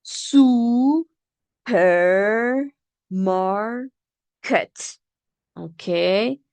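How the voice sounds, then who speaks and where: Woman teacher, lowish voice, unhurried and encouraging, dry sound. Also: no room sound. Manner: patient, repeats words slowly and clearly, encouraging. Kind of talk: demo phonics lesson for learners.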